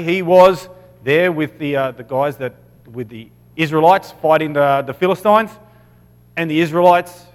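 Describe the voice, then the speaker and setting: Australian man, Bible talk, slightly high voice, casual, lots of self-corrections, long hall reverb. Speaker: preacher.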